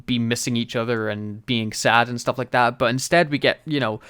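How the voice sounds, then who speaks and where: A man co-hosting a podcast in casual chat, animated, laughing often and acting out quotes. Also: medium pitch, a little fast, smooth. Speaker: podcast co-host.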